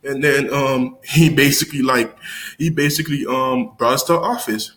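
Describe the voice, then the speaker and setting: A young man tells his viewers a story from his childhood in a loose, casual vlog. His voice sits at a middle pitch, and his talk is full of slang, fillers and false starts. When he acts out a scene, his voice jumps sharply upward. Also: normal speed, low-quality recording. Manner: loose and rambling, slangy, with many fillers and restarts; animated, jumps high when acting out scenes. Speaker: YouTuber telling a story to viewers.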